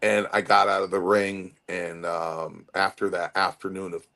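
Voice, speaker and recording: Low-voiced man, fifties, from Connecticut, rambling interview storyteller. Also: unhurried, creaky. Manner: rambling, animated storytelling with restarts. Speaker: guest wrestler.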